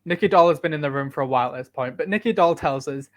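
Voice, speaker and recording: A British man co-hosts a podcast in relaxed, chatty talk. He drops dry, sarcastic asides. His voice sits a little high for a man. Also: fast. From United Kingdom. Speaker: podcast co-host. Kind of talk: casual chat.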